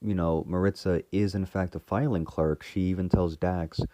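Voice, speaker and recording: Low, dark-voiced man rambling through a recap. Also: steady tone, moderate pace, no room sound. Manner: rambling, full of fillers and restarts. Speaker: fan reviewer retelling a TV episode.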